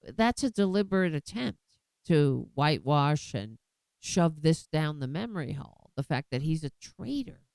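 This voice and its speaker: A woman's voice: deep voice, very animated, normal speed, gravelly, darkish tone, no echo, rough recording. Blunt, indignant woman commentator. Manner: blunt, indignant, restarts often. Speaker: political commentary host. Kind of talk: casual political commentary.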